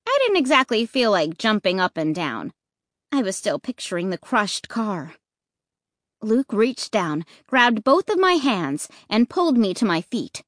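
Slow, expressive woman storyteller. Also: medium pitch, no room sound, clean studio sound. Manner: expressive, rising with the action. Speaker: audiobook narrator. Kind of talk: first-person storybook narration.

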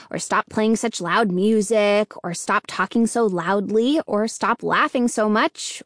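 A woman narrating a children's chapter book in a steady, clear storytelling manner. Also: mid-range voice, dry recording, clean studio sound. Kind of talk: scripted audiobook narration.

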